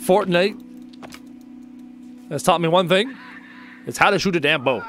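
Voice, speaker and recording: A man's voice: high-pitched, unhurried, long pauses, fairly bright tone, faint music behind. A young man streaming a survival game live, chatting casually with viewers and joking as he plays. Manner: casual, joking, addresses chat as dude.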